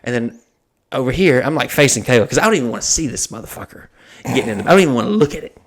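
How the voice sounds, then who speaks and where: A man's voice: medium pitch, racing. Profane storytelling podcast host, a man. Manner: profane, animated, acts out quoted dialogue. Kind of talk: casual storytelling.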